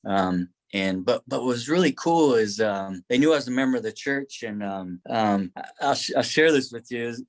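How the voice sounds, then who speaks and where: A middle-aged man telling military stories on a podcast, laughing often and acting out quotes in a higher voice. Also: lively intonation, moderate pace, few pauses. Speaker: podcast guest, former Army Ranger. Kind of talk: casual storytelling.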